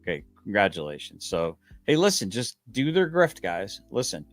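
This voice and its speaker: A man's voice: lowish voice, very animated, normal speed, dry recording, faint music behind. A man on a livestream, sarcastic and heated, stammering at times and swearing casually. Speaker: livestream commentator.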